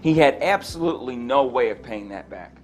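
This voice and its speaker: A man teaching a sermon on a parable in a conversational, animated way, acting out the quotes and chuckling between points. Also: mid-range voice, brisk. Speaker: Bible teacher.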